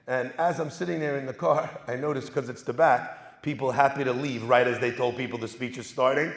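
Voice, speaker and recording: A man, a rabbi, giving a humorous talk to a live audience, telling stories with lively asides. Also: mid-range voice, fairly quick. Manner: joking, storytelling, lively asides. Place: synagogue hall. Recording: echoey hall, live event.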